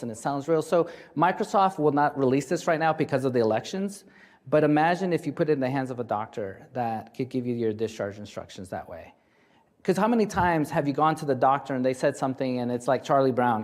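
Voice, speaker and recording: A man's voice: mid-range voice, darkish tone. A man hosting an interview over a video call, enthusiastic and upbeat, with fillers. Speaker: host. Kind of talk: podcast interview and talk.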